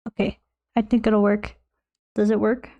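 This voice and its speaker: A woman's voice: mid-range voice, little pitch movement, normal speed, dark tone. A young woman streamer chatting casually while painting, playful and swearing freely.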